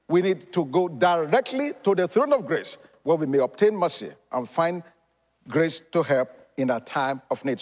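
A man preaching a sermon in a high, animated voice that swoops up and down. He leans on pauses and repeats his key phrases. The sound carries a long, echoing hall reverb. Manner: preaching with dramatic pauses and repetition. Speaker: pastor.

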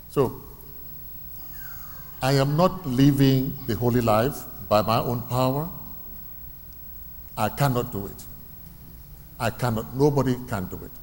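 A male preacher delivers a sermon in a church hall, and his voice carries a long reverb. He throws questions out to the congregation and hammers his key lines by repeating them. Faint room ambience sits under his mid-pitched voice. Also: a little mellow, a little hiss or hum. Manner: call-and-response questions, repeating key phrases.

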